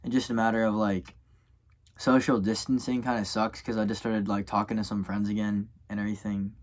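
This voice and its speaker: A man's voice: fairly low pitch, little pitch movement, fairly quick. A young man from Louisiana speaks to his camera. He rambles and keeps correcting himself, stopping often on fillers. He sounds tired, like someone who keeps yawning. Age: young adult. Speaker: college student vlogger. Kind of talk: casual vlog talk to camera.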